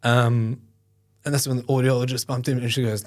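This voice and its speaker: A middle-aged man with a level, medium-pitched voice speaks briskly as he relates a personal story in an interview. As the founder of a foundation appearing as a guest, he rambles loosely with lots of fillers and now and then gets choked up.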